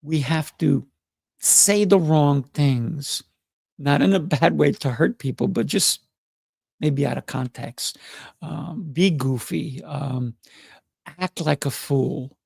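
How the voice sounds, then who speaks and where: A middle-aged man hosts a motivational livestream in a playful, excitable way, breaking into laughs and jumping up in pitch. His voice has a gravelly edge, recorded dry and close with no room sound. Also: slow pace, dry recording. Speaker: livestream host.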